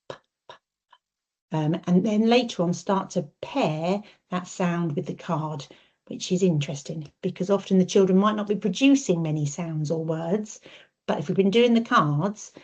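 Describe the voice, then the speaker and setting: A woman's voice: fairly low pitch, darkish tone. A woman speech and language therapist giving a webinar, explaining step by step with frequent ums and modelling sounds in a sing-song voice. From United Kingdom. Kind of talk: webinar presentation. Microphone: video call. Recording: dull lo-fi webinar audio.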